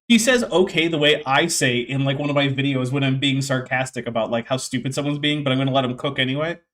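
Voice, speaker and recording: A man hosting a casual stream, reacting to a debate clip with sarcastic, animated asides. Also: mid-range voice, fast, few pauses. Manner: sarcastic, animated mock quoting. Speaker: host.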